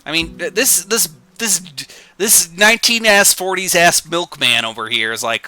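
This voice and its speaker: A man's voice: high-pitched, moderate pace, sharp tone, soft background music. A man streaming a casual read-through of old comics, with sarcastic, joking asides and swearing.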